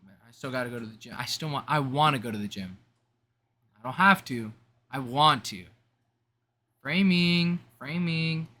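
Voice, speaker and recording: A man's voice: medium pitch, a little fast, bright, forceful tone. A young man talking casually to camera in a rambling vlog, slangy and often cutting himself off mid-thought. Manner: rambling, self-interrupting, slangy. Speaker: vlogger.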